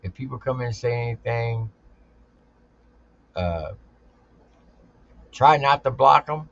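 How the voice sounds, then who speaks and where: Gravelly-voiced man hosting a live stream. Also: medium pitch, lively intonation, slow pace, a bit bright, dull audio, a little hiss or hum. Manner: hype greetings, laid-back slang. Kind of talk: casual live stream talk.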